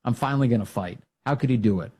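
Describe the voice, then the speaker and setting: A man's voice: mid-range voice, fast, a little mellow, husky. A man hosting a political talk show, giving opinionated commentary that builds to emphatic, fired-up exhortation.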